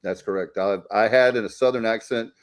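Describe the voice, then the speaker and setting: A man with a fairly low voice chatting on a sports talk show. He jokes and teases the others in a loose, easy way. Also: fairly even intonation, moderate pace. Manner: joking, teasing. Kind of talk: casual chat.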